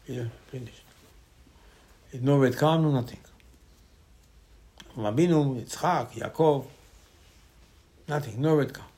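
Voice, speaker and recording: Man giving an animated Torah sermon. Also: medium pitch. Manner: animated storytelling with sudden loud bursts and hushed asides. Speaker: rabbi teaching Torah.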